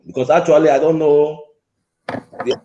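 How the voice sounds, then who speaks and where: A male caller with a fairly high voice, heard on an echoey, muffled line. He is insistent and repetitive, talking over the host as he presses his complaint. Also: fairly even intonation, moderate pace, warm tone. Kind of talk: angry call-in complaint. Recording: echoey lo-fi phone call.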